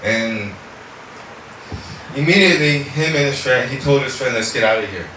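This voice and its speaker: A man's voice: mid-range voice, moderate pace. A man giving a personal faith testimony, telling his story with lots of "you know" and now and then slipping into Korean. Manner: animated storytelling, heavy on fillers like "you know"; switches into Korean at times. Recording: echoey room, mic far off, faint noise.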